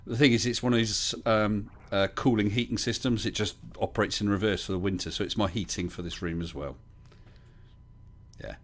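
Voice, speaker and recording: A middle-aged man hosts a casual livestream. His voice sits on the low side, and he rambles into anecdotes and reads viewer comments aloud in an easy, conversational way. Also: a little fast. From England. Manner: chatty storyteller, reads chat aloud. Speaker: livestream host.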